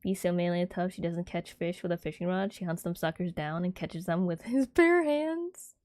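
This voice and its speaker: A young woman livestreamer chatting casually with viewers in a soft, airy, giggly way, rambling with lots of fillers. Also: fairly low pitch, normal speed, no echo.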